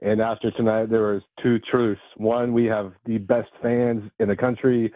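A man's voice: fairly low pitch, little pitch movement, moderate pace, no echo. A man from the San Francisco Bay Area calling a radio show, enthusiastic and gushing, over a tinny phone line. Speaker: caller.

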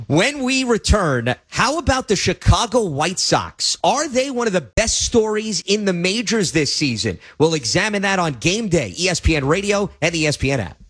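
Wry, punchy radio host. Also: male voice, fairly high pitch, a bit bright. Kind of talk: scripted radio segment read.

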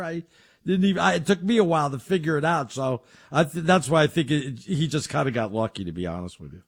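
Husky middle-aged guy, kinda high voice, rambling excited sports chat. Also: fast talker. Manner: animated storyteller, excitable. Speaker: co-host.

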